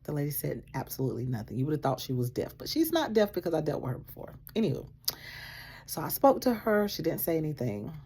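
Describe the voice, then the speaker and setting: A woman casually telling a personal story, animated, acting out what people said and laughing often. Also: sits low, fast talker, slightly rough. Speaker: vlogger sharing a faith testimony.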